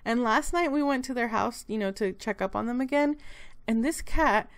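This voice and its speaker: A young woman with a drawl talks through her week in a loose, rambling voice-over full of fillers and restarts. Her voice sits a little high. It is slightly hoarse and breaks now and then. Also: normal speed. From Texas. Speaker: planner vlogger. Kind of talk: casual voice-over narration.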